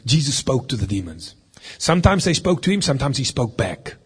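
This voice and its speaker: A man's voice: medium pitch, very animated, fairly quick, husky. A middle-aged man, a deliverance minister, giving a teaching sermon in an earnest, conversational way and reading from scripture as he goes.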